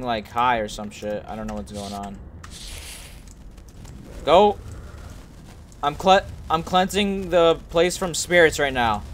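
Young man, gaming streamer, let's play commentary, crude joking banter, yelps at scares, slightly high voice. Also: slight background noise. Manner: joking, profane, talks to himself; shouts when startled.

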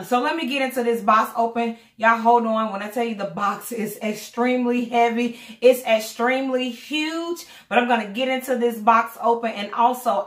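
Breathless, excitable woman vlogger with a slightly high voice, rambling casually in a roomy, echoey space. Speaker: vlogger, doll collector. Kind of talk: casual unboxing vlog. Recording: echoey room.

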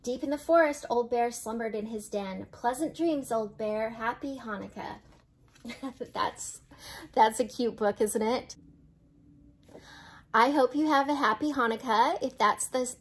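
An older woman, a grandmother, reading a children's picture book aloud in a gentle, unhurried way with small slips and chuckles. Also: fairly high pitch. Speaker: storyteller.

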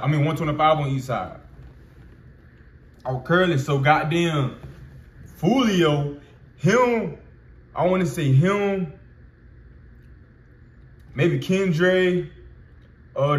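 Twenties man vlogger, casual slangy storytelling, slightly high voice, roomy echo. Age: 20s. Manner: loose, profane street slang with many fillers.

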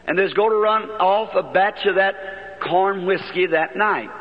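A man's voice: sits high, measured pace. A man preaching in a large auditorium, telling a childhood story in a folksy, earnest way on an archival recording. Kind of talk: sermon testimony storytelling. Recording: dull archival 1950s sermon recording in a long-echo hall.

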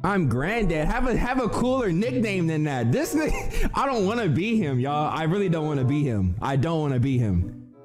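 A man's voice: a little high, moderate pace, music in the background. A young man giving loose, slangy comedic commentary and telling stories while reacting to cartoon clips. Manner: animated, loose, slangy, jumps into shouted cheers.

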